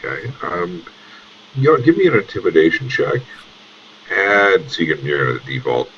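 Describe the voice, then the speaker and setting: A man's voice: deep voice, expressive, normal speed, noisy background. A man running a tabletop game as game master, narrating in a casual, rambling way. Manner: casual and rambling, many fillers. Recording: dull lo-fi audio.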